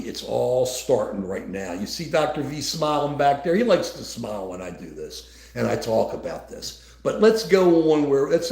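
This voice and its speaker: A man co-hosting a casual political livestream, talking in a rambling way with many restarts. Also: fairly high pitch. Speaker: livestream co-host. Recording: echoey room.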